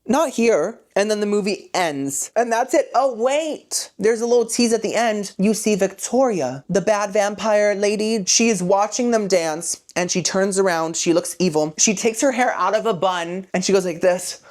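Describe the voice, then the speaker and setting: A man's voice: high voice, moderate pace, hardly any pauses. A man hosting a comedic movie retelling, full of sassy, campy asides. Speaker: host.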